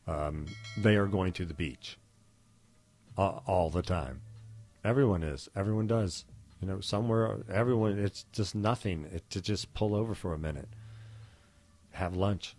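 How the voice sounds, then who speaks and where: A man's voice: sits low, unhurried, a little mellow. A man hosting a podcast, talking in a casual, rambling way with lots of fillers and restarts. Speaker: podcast host. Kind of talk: casual solo podcast monologue.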